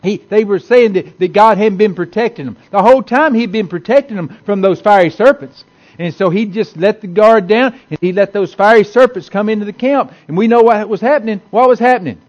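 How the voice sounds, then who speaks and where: In a church hall, a man preaches to his congregation in a folksy, conversational style, often repeating himself and starting over. His voice is high-pitched and a little fast, and the recording has its highs cut off.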